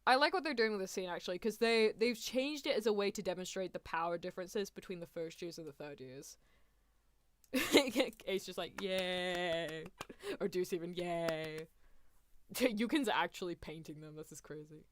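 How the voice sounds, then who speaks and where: Young woman, giggly reaction streamer, lively pitch, smooth clear voice, dry close sound. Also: normal speed, dry recording. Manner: giggly, chatty, laughs often. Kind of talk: casual reaction stream chat.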